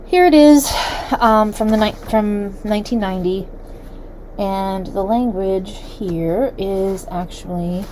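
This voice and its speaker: A woman hosts a solo commentary, reading documents aloud and breaking off into chatty, sarcastic asides full of fillers. Her voice sits at an ordinary middle pitch. Faint room ambience runs underneath. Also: slow, darkish tone, slight background noise, low-quality recording. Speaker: host.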